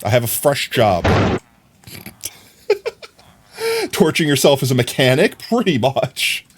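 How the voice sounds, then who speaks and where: A man's voice: medium pitch, very animated, normal speed, a little hiss or hum. A man streaming a block-building game live, chatting to his viewers and scolding the characters on screen in a playful, teasing way. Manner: talks to game characters, mock scolding, jumps between mutters and outbursts. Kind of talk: casual gaming commentary.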